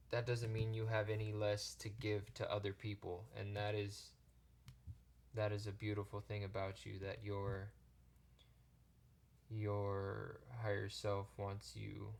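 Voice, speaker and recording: Low-voiced guy doing a slow tarot reading, flat and gentle, lots of restarts. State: choked up, near tears. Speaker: tarot reader. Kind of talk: pick-a-card tarot reading.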